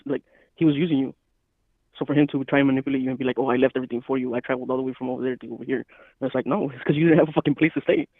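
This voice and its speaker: Fast-talking man on a tinny line. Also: medium pitch, dry recording. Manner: rapid, emphatic, profane. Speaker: podcast co-host. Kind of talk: casual chat.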